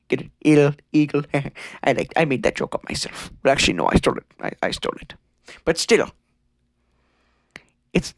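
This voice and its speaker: A man's voice: a little high, no echo. A man hosting a comedic conspiracy podcast, rambling and stammering in a mock-serious way. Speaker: podcast host.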